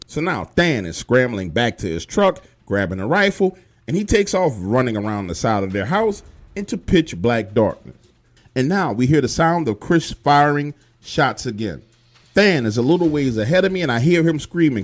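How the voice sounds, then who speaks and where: A man's voice: medium pitch, very animated, normal speed. A man telling a first-person horror story in a casual, emphatic, profane way.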